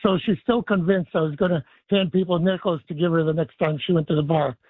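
A man calling in to a radio show, joking and halting with many fillers, heard over a tinny phone line. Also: on the high side, steady tone, background noise. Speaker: caller.

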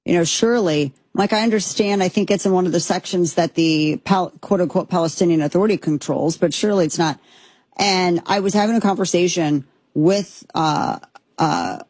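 A woman's voice: fairly low pitch, moderate pace, a little mellow, husky, no room sound. A woman hosting a political commentary show, speaking in an emphatic, impassioned way that rambles with restarts. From United States.

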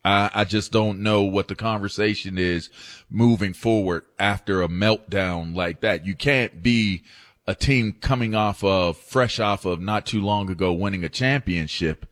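A man's voice: lowish voice, unhurried, fairly bright tone, no echo, clean studio sound. A man co-hosting a sports talk show, rambling emphatically about a playoff series.

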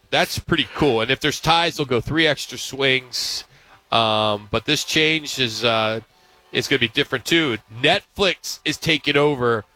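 Male sports radio host, mid-pitched, bright and forceful, upbeat news rundown. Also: low-quality recording. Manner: reads news items in a brisk, upbeat way. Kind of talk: casual sports talk.

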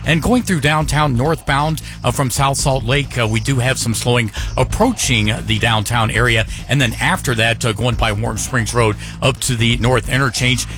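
Radio traffic reporter with many fillers. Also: male voice, mid-range voice, normal speed, hardly any pauses, fairly bright tone.

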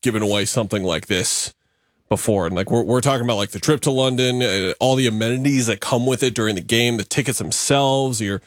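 A man's voice: medium pitch, brisk, no room sound, clean studio sound. A man co-hosting a radio sports show, talking casually with lots of fillers. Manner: relaxed, filler-heavy talk.

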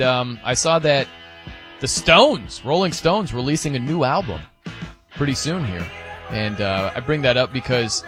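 A man filling in as a sports radio host, bantering casually and jokingly with fillers from a studio mic. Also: mid-range voice. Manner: animated, joking, rambling with fillers. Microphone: close studio mic.

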